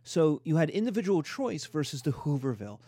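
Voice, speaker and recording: A middle-aged man giving a lively, emphatic history lecture. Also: fairly high pitch, fairly quick, no room sound. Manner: animated, emphatic, mimics voices in quotes.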